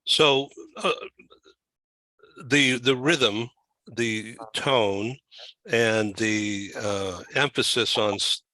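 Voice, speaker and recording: A man hosting an interview, asking questions in a halting way with many fillers and restarts. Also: medium pitch, sharp tone, poor audio. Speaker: talk show host.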